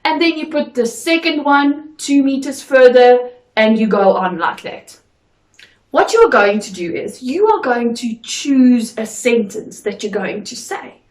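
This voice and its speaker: Female drama coach, slow and deliberate, clearly articulated, fairly high voice. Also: animated. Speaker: drama teacher. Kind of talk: instructional video lesson. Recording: echoey room.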